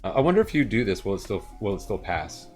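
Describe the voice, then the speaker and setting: Lowish guy rambling thru code on stream, faint music in the back. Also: big pitch swings, quick pace, darkish tone. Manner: rambling, thinks aloud, chuckles at himself. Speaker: live-coding streamer. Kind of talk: casual coding chat.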